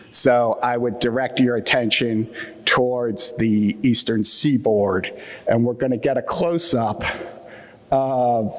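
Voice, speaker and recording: A man's voice: mid-range voice, a bit bright. A man with a Mid-Atlantic American accent, from that region, giving a wry, joking conference talk with plenty of fillers. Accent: Atlantic Midland American. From US Atlantic Midland region. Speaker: conference keynote speaker. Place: conference hall with audience. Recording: reverberant hall.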